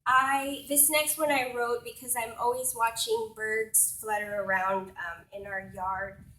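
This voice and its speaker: A woman poet giving a poetry reading at a reception, measured and pausing between phrases. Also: fairly high pitch, very animated, a bit bright. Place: reception hall. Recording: roomy echo, mic far off.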